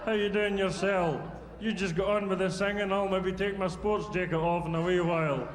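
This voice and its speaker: A Scottish man putting on a deadpan, unimpressed male concertgoer in a live comedy set. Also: high-pitched, moderate pace, close to an everyday voice. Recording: echoey hall with crowd.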